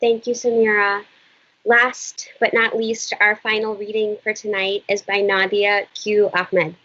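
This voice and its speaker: Woman hosting an online reading, reads a quick intro, dull muffled call audio. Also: mid-range voice, level tone, a bit bright. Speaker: event host. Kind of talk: scripted introduction. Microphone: video call.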